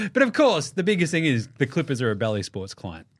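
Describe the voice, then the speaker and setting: An Australian man hosting a casual sports podcast, his voice sitting a little high. He rants with energy, swears freely and puts on mocking voices for the people he talks about. The sound is dry and close to the mic. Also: moderate pace, dry recording. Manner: animated, swears freely, acts out players in silly voices. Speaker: podcast host.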